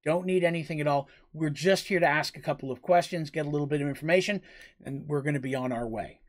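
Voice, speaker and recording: A man voicing a polite crewman who reassures calmly. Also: on the high side, fast talker, close to an everyday voice. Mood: reassuring. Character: calm reassuring ship's crewman.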